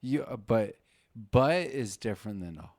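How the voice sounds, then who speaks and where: A man's voice: lowish voice, animated, moderate pace, a little mellow, no room sound. A man co-hosting a podcast in casual chat, mostly giving short, dry, laconic reactions. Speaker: podcast co-host.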